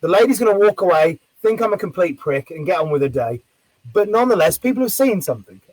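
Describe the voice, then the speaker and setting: A man who works as a street performer, telling a story in casual chat, animated and swearing freely. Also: sits high, quick pace, no room sound, low-quality recording. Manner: animated, acts out quoted voices loudly.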